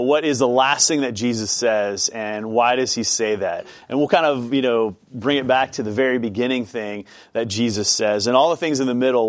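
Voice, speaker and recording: A man's voice: medium pitch, no echo, clean studio sound. A man leading an informal Bible study class, chatty and self-deprecating, with many fillers.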